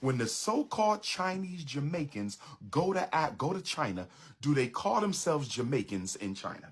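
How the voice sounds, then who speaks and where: Husky, emphatic middle-aged man lecturing. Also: on the high side, very animated, moderate pace. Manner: emphatic, repetitive preaching cadence. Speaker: public speaker. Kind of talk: impassioned lecture.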